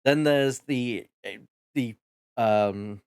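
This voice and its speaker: A man's voice: mid-range voice, drawn-out words, a little mellow, clear, resonant tone, no room sound. Hesitant man chatting on stream. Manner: hesitant, with fillers and laughs. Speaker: streamer host. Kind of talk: casual stream chat.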